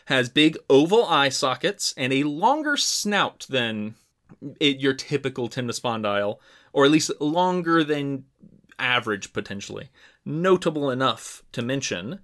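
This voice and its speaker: A man co-hosting a casual science podcast at a middling pitch. He explains things in a relaxed, easygoing way and sometimes restarts his sentences. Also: unhurried. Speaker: podcast co-host.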